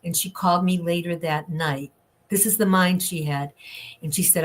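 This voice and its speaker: An older woman speaks as an interview guest, her voice sitting a little low. She tells her story candidly and with life, acting out what others said to her. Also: moderate pace. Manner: candid, lively storytelling with acted-out quotes.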